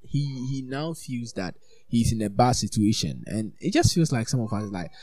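A man giving a conversational sermon, informal and animated, peppering his talk with "like" and "you know". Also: mid-range voice, normal speed, breathy edge, no room sound. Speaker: preacher.

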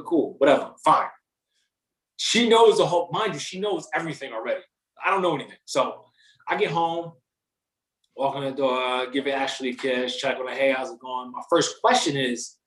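A young man telling a story in casual chat, animated and slangy, swearing freely. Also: mid-range voice, roomy sound.

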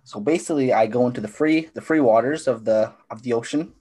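A man playing a clueless free diver with an odd accent, talking in a halting, hesitant way. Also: medium pitch, darkish tone, husky, close to an everyday voice. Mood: bumbling. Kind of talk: improvised comedy character.

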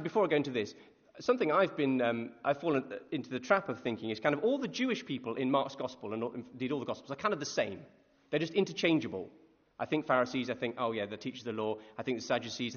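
Lively male preacher in an echoey hall. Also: mid-range voice, quick pace, hardly any pauses. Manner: animated, asks the listeners questions. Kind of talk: conversational sermon. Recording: echoey hall, dull lo-fi sound.

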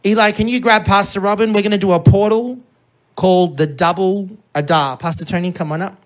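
An energetic preacher delivering a sermon who keeps checking in with the congregation. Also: medium pitch, a little fast. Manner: energetic, checks in with frequent "okay?".

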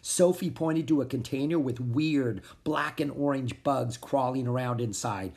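An expressive reader narrating a children's storybook aloud in first person. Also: medium pitch, unhurried, few pauses. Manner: expressive, animated. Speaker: audiobook narrator.

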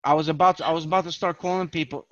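A man's voice: a little high, steady tone, racing, fairly bright tone, no echo, muffled recording. A man from New York, a podcast host, telling rambling profane stories in casual chat.

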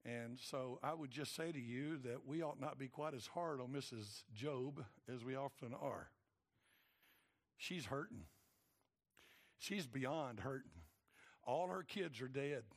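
A man, preaching a sermon emphatically and acting out voices, swinging between loud and hushed. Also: medium pitch, slow, long pauses. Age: 60s. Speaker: pastor.

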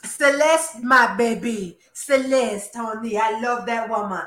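A woman hosting a casual chat, animated and gossipy, calling everyone honey and girl. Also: a little high, slow. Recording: roomy echo.

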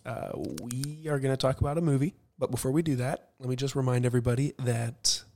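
A young man hosting a podcast, talking low and hushed late at night and reading an ad. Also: steady tone, quick pace, a little hiss or hum. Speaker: podcast host. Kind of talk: casual podcast chat and ad read.

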